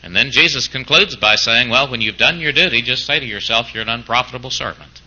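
A man's voice: mid-range voice, brisk, hardly any pauses, bright, forceful tone, dull audio. A man preaching a sermon who keeps throwing out mock-incredulous rhetorical questions, as if arguing back in the voice of a doubter.

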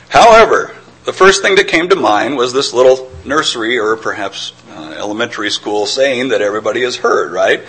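A man's voice: mid-range voice, sharp tone, breathy edge, low-quality recording. A middle-aged man preaching a sermon in an earnest, reflective way, sometimes stammering and restarting.

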